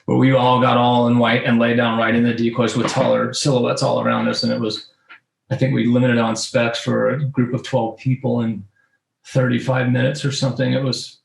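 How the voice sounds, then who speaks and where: A man's voice: mid-range voice, vocal fry, slight background noise. Rambling man with an echoey sound. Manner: rambling storytelling with many ums. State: losing his voice. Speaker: podcast co-host. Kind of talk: casual chat. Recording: roomy echo.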